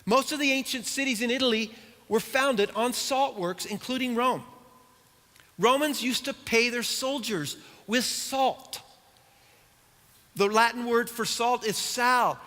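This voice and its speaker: A middle-aged pastor delivers a sermon to his congregation in a strikingly high, bright voice at a measured pace. His tone is conversational, laced with dry humor and rhetorical questions, and the church auditorium gives his words a long reverb.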